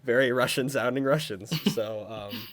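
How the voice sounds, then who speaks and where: A man co-hosting a casual podcast discussion, talking in a hesitant way with many pauses and restarts, laughing often. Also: medium pitch. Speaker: podcast co-host.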